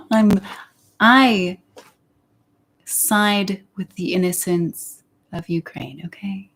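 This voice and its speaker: A woman's voice: mid-range voice, drawn-out words, gravelly, long pauses, fairly bright tone. A young woman chatting candidly on her livestream, rambling and sometimes dropping into a whisper. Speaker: YouTuber. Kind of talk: casual livestream chat.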